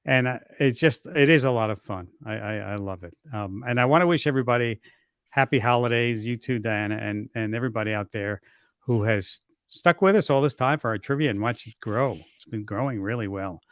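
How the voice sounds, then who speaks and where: Older man radio host, dry joker, halting, on a dry-sounding video call. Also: mid-range voice, smooth, no echo. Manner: dry joking, halting restarts. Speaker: radio show host, guest at trivia. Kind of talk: casual chat.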